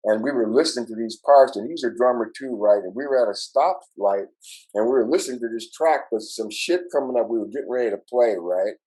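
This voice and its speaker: An older Minnesota man, a musician appearing as a guest, tells a rambling, casual story packed with swearing and "right?" tags. His voice is medium-pitched, mellow, and husky, and he talks a little fast. The audio quality is poor.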